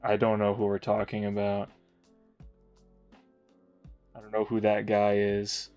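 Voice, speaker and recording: A man's voice: fairly low pitch, monotone, a little slow, smooth, muffled recording, faint music behind. A man streaming casually, chatting with his viewers in a laid-back way with frequent chuckles. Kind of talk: casual chat while drawing.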